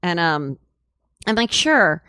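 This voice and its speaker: A woman guest in a casual storytelling interview speaks at a moderate pace in a low voice, recorded in clean studio sound without room sound. She rambles candidly, sprinkling in "like" and "you know," chatting freely and laughing as she tells things.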